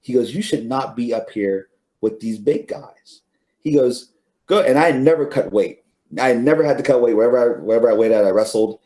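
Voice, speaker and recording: A man's voice: mid-range voice, fairly quick, mellow. A middle-aged man, an interview guest, telling stories casually with many fillers and restarts, laughing now and then. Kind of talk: casual storytelling.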